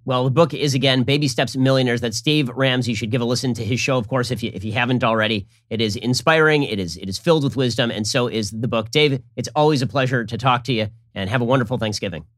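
A man hosting a podcast interview, with a rapid, argumentative delivery. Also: mid-range voice, no room sound, studio quality. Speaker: podcast host.

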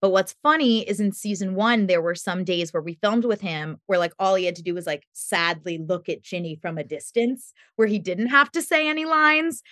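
A woman guest on a podcast interview, telling lively stories about making her show and laughing often. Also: medium pitch, normal speed, few pauses, no echo, clean studio sound. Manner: animated storytelling, laughs often.

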